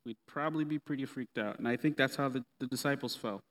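A man preaching a sermon in a relaxed, conversational way with playful asides. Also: medium pitch, fast. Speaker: pastor. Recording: long reverb of a hall.

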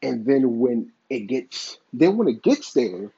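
Male commentator, mellow and a bit raspy, swearing freely while speaking his mind, on a dull lo-fi mic. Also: mid-range voice, very animated, takes it slowly. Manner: blunt, profane, opinionated. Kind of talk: casual opinion commentary.

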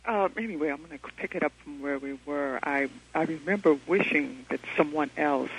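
Male caller from New York City, husky, fairly high voice, earnest storyteller, phone-line sound. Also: brisk, fairly bright tone. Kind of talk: telling a personal story on a call-in show. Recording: dull telephone line.

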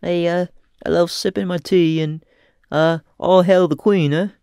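A man's voice: sits high, fairly even intonation, unhurried, vocal fry, a little mellow, clean tone, no room sound, clean studio sound, pitched above the performer's own voice. A man putting on a stereotyped British man in a mock British accent, exaggerated and mocking.

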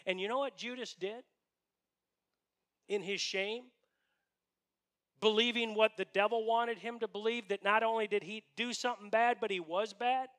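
Bright-voiced earnest male pastor. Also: high voice. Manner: earnest, emphatic, with rhetorical questions. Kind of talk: sermon.

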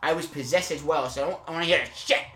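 A man hosting an improvised comedy podcast, rambling and halting with many fillers before turning suddenly emphatic. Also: on the high side, sharp tone, echoey room. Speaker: podcast host.

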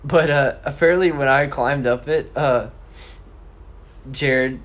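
A man's voice: mid-range voice, takes it slowly, a bit bright. A teenage boy is chatting casually and retelling a funny story. He tosses in quoted lines and laughs between them as he goes. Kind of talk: casual chat.

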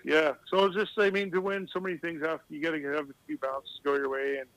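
Through poor, dry audio comes a slightly high male voice with a flat delivery, a quick pace, and a fairly bright tone. The speaker, a middle-aged former pro hockey player, is a guest on a laid-back podcast, rambling through stories and chuckling at his own tales.

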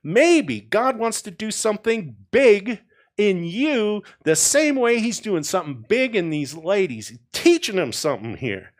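Lively conversational male preacher. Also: high-pitched, measured pace. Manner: conversational, asks "right?" often, swings from soft to emphatic. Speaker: pastor. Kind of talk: expository sermon.

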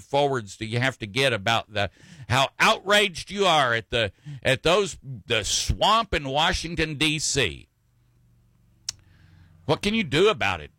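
A man hosts his radio talk show in a casual, rambling way, full of fillers and restarts. His voice is bright and forward. The sound is dry and close, with no room around it. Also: mid-range voice, no echo. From Texas.

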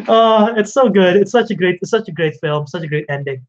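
An animated man with an Indonesian accent hosting a casual podcast chat, laughing and swearing as he tells a story. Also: high-pitched, moderate pace. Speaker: podcast host. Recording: dull lo-fi sound.

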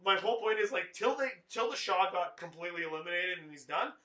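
A man's voice: sits high, animated, fast, bright, forceful tone, echoey room. A man chatting casually as a podcast co-host in a small studio, rambling with lots of "like". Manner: rambling, many "like" fillers. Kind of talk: casual chat.

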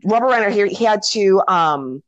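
A woman's voice: mid-range voice, normal speed, no echo, lo-fi sound. A woman casually retelling a film on a podcast, acting out the characters' lines and swearing freely. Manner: animated storytelling with acted-out quotes and swearing. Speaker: podcast host.

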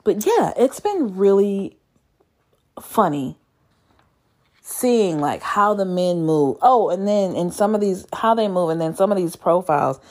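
A young woman vlogging in a loose, swearing rant about dating apps. Her voice swings widely, dropping low and then shooting up into incredulous squeaks. She sounds exasperated and talks straight to her viewers. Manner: animated, profane, exasperated storytelling with sudden high squeals of disbelief. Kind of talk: casual storytelling rant.

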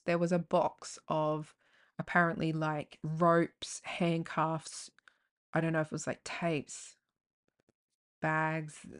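A woman hosting a podcast, talking frankly in a rambling way, with swearing, fillers and tangents. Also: deep voice. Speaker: podcast host. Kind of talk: candid personal podcast monologue.

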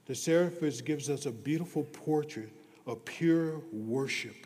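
Slow-preaching man in a reverberant hall. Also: on the high side. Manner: slow, dropping to hushed near-whispers on key lines; rising to loud emphatic declarations. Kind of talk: sermon.

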